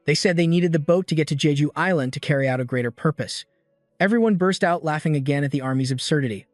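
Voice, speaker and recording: A man giving a steady scripted narration as the recap narrator of a comic story. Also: fairly high pitch, fast, dry recording, studio quality, soft background music.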